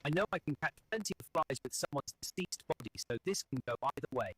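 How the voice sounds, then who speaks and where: A man delivers quick one-liner jokes flat and deadpan, yet his pitch swoops up and down. His voice is a little husky, recorded close and dry with no room sound. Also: no echo, poor audio. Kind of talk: reading jokes.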